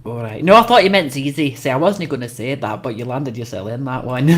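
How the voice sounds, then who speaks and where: A woman's voice: rumbling low, big pitch swings, normal speed. A brash woman hosting a casual livestream chat, swearing freely and laughing often. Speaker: host.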